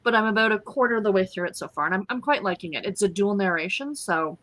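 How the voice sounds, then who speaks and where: A woman's voice: mid-range voice, lively intonation, quick pace, fairly bright tone, no echo. A woman in a casual stream chat, talking animatedly and laughing often.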